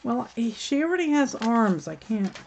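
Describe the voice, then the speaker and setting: A woman's voice: on the high side, big pitch swings, moderate pace, creaky, darkish tone, slight background noise. A woman hosting a crafting livestream, chatting casually and thinking aloud while she works, reading comments and laughing at them. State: hiccups.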